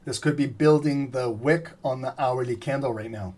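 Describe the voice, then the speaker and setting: A man giving live trading commentary, explaining steadily and often clearing his throat as he says he is losing his voice. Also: medium pitch, moderate pace. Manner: steady explanatory, repeats "remember" and "right?". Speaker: trading streamer.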